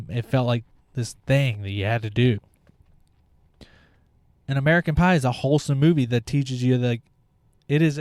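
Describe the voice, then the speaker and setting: A man's voice: medium pitch, a little mellow, no echo, clean studio sound. A young man hosting a podcast, talking in a blunt, opinionated monologue and swearing freely. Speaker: podcast host. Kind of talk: casual monologue.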